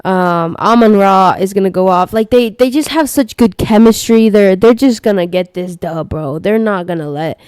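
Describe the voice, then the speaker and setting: Smooth-voiced young woman chatting sports. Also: mid-range voice, moderate pace, few pauses, darkish tone, no echo. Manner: loose, slangy, lots of fillers. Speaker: podcast co-host. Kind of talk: casual sports chat.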